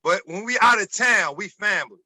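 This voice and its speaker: A middle-aged man from Baltimore with a Baltimore accent, telling an animated story as a guest and acting out the voices in it. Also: high-pitched, a little fast, no room sound, low-quality recording. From Baltimore, USA. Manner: animated, repeats words, acts out quoted voices. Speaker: guest, former college basketball player. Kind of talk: casual storytelling.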